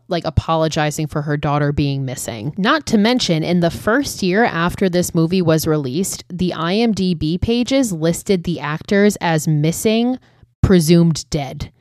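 A woman's voice: lowish voice, a little mellow, no room sound, studio quality. A young woman casually recapping a horror film, chatty and swearing often, with lots of "like". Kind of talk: casual chat.

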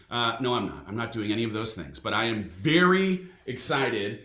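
A man in his thirties hosting a casual vlog, playful and excitable as he chats. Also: on the low side, moderate pace. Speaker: vlog host and first-time author. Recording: echoey room.

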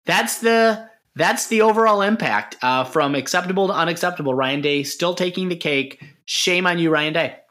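A man's voice: sits high, normal speed, hardly any pauses. A man co-hosting a casual sports podcast, joking and getting worked up as he answers listener questions. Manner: animated, joking, worked-up rants. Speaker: podcast co-host.

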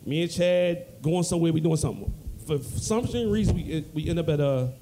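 A man with a fairly high voice, joining the hosts as a guest on a podcast taped live at a comedy club. He teases them and drops crude jokes between his stories. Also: lively intonation, brisk, dark tone, a little hiss or hum. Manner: teasing, profane.

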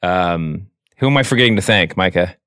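A man's voice: low-pitched, expressive, moderate pace, fairly bright tone, dry recording, clean studio sound. A man hosting a casual podcast chat, rambling and trailing off as he talks things through. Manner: rambling, trails off, acts out scenes. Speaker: podcast host.

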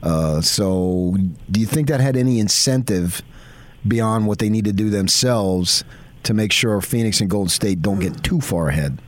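A man's voice: on the low side, moderate pace, dry recording. A man hosting a morning sports radio show, telling long rambling stories and asking questions with eager enthusiasm. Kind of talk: casual sports radio talk.

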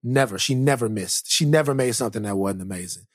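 A man co-hosting a podcast in a casual comedic chat, telling lively stories and acting out voices. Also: mid-range voice, quick pace, no echo, studio quality. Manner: animated storyteller, acts out voices. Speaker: podcast co-host.

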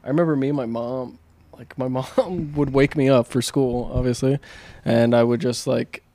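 A man's voice: mid-range voice, fairly even intonation, normal speed, dark tone, no echo. A man in his thirties co-hosting a podcast, talking in a loose, rambling way with lots of fillers and swearing. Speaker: podcast co-host. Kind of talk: casual chat.

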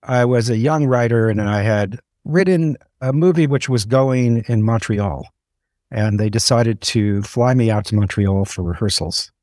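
A man's voice: medium pitch, a little slow, a little mellow, no echo. Man telling a wry anecdote. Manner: wry, building to comic repetition. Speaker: guest storyteller.

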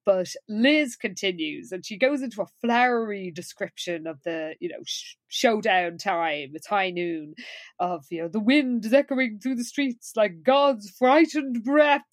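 Recapping an episode in casual chat, this female podcast co-host laughs a lot and performs quotes. She has a medium-pitched voice, speaks a little slowly, and the recording has no room sound.

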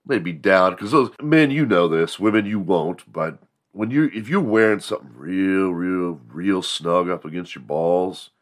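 Low, bright-voiced man telling profane stories. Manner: profane, rambling, animated. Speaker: morning show host. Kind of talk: comedic storytelling.

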